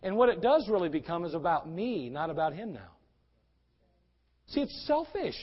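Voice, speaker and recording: A man preaching a sermon, moving between loud, urgent exhortation and quiet pleading. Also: fairly high pitch, big pitch swings, normal speed, in a large hall, highs cut off.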